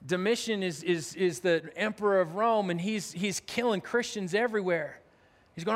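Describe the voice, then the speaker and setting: A man's voice: high voice, normal speed. A man, a pastor, preaching a conversational sermon in a church, with earnest talk and frequent restarts. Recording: long hall reverb.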